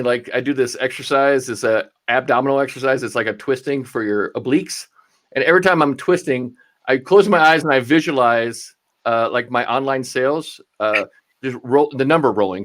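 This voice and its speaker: An upbeat man hosting a podcast interview, chatty and quick to laugh. He speaks at an ordinary middle pitch. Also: fairly bright tone. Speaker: podcast host.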